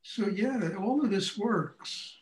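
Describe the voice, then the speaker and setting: Animated older man telling stories in an echoey room. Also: high voice, slow. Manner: animated, blunt, profane, laughing storyteller. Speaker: meditation teacher. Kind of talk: storytelling lecture. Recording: echoey room, far from mic.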